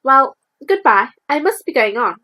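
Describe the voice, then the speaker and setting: A woman voicing a gentle, simple male bear in a storybook read-aloud, earnest and plaintive. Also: sits high, sing-song, moderate pace, heavily acted. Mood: polite. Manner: plaintive, earnest, wailing when stuck.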